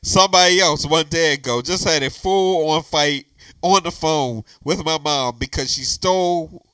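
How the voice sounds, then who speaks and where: A man's voice: fairly high pitch, measured pace, a bit bright, smooth, dry recording, low-quality recording. A man, bantering on a podcast, emphatic and repeating himself, laughing as he reads aloud. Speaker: podcast co-host. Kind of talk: casual banter.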